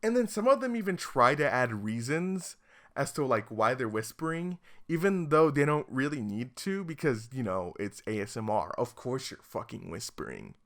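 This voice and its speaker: A man's voice: mid-range voice, sing-song, normal speed, a bit bright. A man giving sarcastic, exasperated comedic commentary as a YouTuber.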